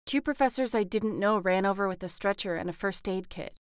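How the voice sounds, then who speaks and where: A woman reads a first-person story aloud as an audiobook narrator. Her voice is smooth and resonant at a middle pitch, recorded dry and close with no room sound. She voices the dialogue with lifts in pitch and loudness. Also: brisk, no echo.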